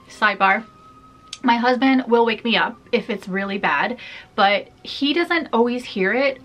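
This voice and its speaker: Chatty woman vlogger, bright clear tone, laughs easily, loose casual talk to camera. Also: mid-range voice. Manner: chatty, open, laughs often, many fillers. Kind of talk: casual personal vlog talk.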